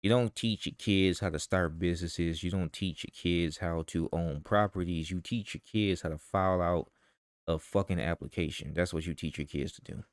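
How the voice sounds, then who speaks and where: A very low-voiced man, ranting in a vlog commentary. He talks in a heated, profane way and keeps firing rhetorical questions. The sound is dry and close, with no room echo. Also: normal speed. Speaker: vlogger.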